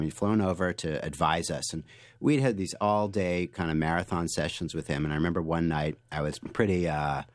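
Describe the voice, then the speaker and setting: Low voiced guy on a radio interview, dry close sound, gets animated telling stories. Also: no room sound. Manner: animated storyteller, restarts often. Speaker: guest author. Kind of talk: interview answers.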